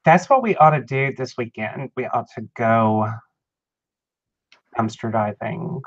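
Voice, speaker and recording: A man calls out bids and the current price in a plain, matter-of-fact way, with a joke now and then. His voice has a middle pitch for a man, and the stream audio is dull and lo-fi. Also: animated, measured pace. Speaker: online auction co-host. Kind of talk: casual live-stream auction chat.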